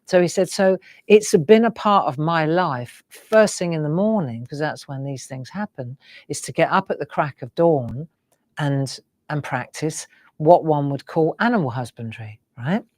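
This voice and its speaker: Slow, tearful middle-aged woman. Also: low voice, lively intonation, darkish tone, no echo, clean studio sound. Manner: reflective, rambling, emotional. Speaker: craft show host. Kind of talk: casual live-stream chat.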